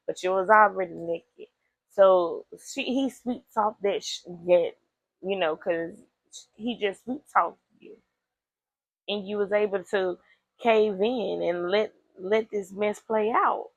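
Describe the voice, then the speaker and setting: A woman retelling a story in animated, slangy casual commentary, talking straight to her listeners and laughing often. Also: medium pitch, gravelly, no room sound. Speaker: host.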